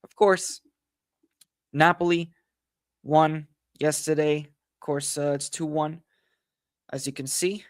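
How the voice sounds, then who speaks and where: A man hosting a football analysis livestream, hoarse from losing his voice, talking in a frustrated, rambling way full of fillers and repeated phrases. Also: on the high side, steady tone, takes it slowly, long pauses, no echo, studio quality. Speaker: football channel host.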